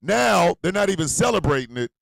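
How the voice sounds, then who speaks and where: Gravelly ranting man, dry close sound. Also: high-pitched, sing-song, fairly quick, dry recording. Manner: loud, heated, profane, swings between shouting and muttering. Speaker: host. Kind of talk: ranting commentary.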